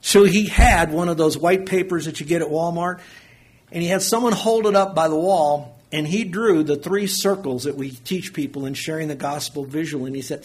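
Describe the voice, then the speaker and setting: A middle-aged preacher tells his stories with a folksy warmth of delivery, his voice a touch husky and pitched a little high for a man. He leans into the big moments and drops low for the quiet ones, moving easily between anecdote and teaching. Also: moderate pace. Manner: folksy, animated storyteller, swings from loud to soft. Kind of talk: sermon with storytelling.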